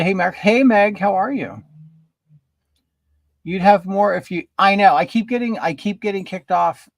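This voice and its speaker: Man, livestream host, chatty, greets viewers, high-pitched, dry close sound. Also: no room sound. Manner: chatty, reads viewer comments aloud and greets them. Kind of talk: casual livestream chat. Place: at home doing makeup.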